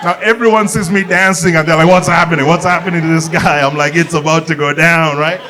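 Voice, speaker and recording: A young man from Uganda performs a stand-up set in an animated, storytelling way, jumping into the voices of the people he describes. His voice sits a little high for a man. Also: a little fast. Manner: animated storytelling, acts out characters, bursts of excitement. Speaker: stand-up comedian. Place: comedy venue with live audience.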